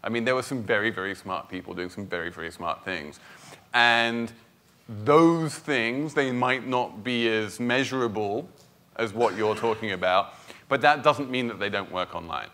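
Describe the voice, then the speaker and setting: British male panel guest, nasal edge, bright, forthright, repeats words as he thinks. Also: on the low side, moderate pace. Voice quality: somewhat nasal. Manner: frank, opinionated, restarts often. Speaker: finance blogger, panel guest. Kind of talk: onstage conference Q&A.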